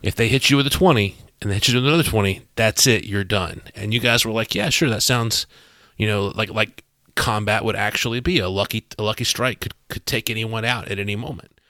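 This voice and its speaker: A man with a bright, forceful voice and a fairly low pitch, talking as game master in a podcast chat. He tells the story in an animated way, restarts often and acts out the lines of the people in it. The sound is dry and close to the mic. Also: fast, no echo. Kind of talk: podcast discussion.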